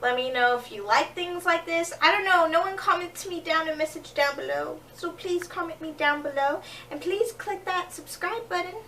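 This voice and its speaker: Bright-voiced young woman vlogging. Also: very high voice, normal speed, few pauses, recorded from a distance, a little hiss or hum. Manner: animated, acting out scenes with quoted voices. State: jet-lagged, low energy. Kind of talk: comedic storytelling vlog.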